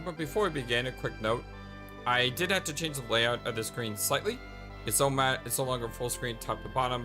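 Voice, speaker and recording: Upbeat chatty let's play guy, super lively pitch, loud game music behind. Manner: upbeat, chatty, laughs easily. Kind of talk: casual gameplay commentary.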